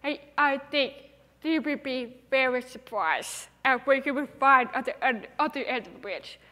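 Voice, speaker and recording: A woman's voice: high voice, moderate pace, sharp tone. A young woman with a deaf speaker's accent, giving an earnest, emphatic inspirational talk on stage. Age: young adult. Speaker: TEDx speaker. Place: large hall. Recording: reverberant hall.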